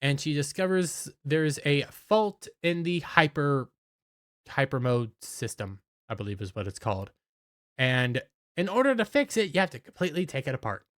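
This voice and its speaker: A man's voice: on the high side, big pitch swings, moderate pace, a bit bright, no room sound, clean studio sound. A man giving a casual, enthusiastic episode recap as an anime reviewer, often stumbling over his words.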